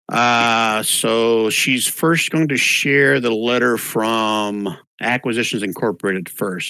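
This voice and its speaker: A man running a tabletop game as game master, narrating scenes and reading letters aloud in a steady voice. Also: on the low side, creaky, no room sound, rough recording.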